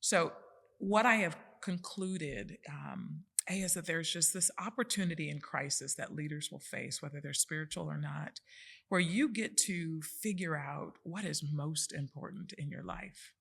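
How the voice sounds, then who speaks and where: A woman's voice: sits low, unhurried, vocal fry, a bit bright, slightly rough. A woman in her forties, a podcast guest, telling a personal story in an earnest, emphatic way.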